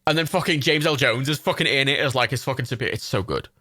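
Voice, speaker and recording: A young Irish man in his twenties hosts a livestream, chatting casually and enthusiastically about films as he browses them. His mid-range voice is fast and sharp, recorded at studio quality with no echo, and he rambles with many fillers and free swearing.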